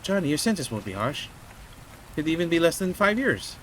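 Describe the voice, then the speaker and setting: A man voicing a calm male detective who talks a suspect down in a steady, reassuring way. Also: on the high side, a little fast, a little hiss or hum, low-quality recording. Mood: persuasive. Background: game music and rain.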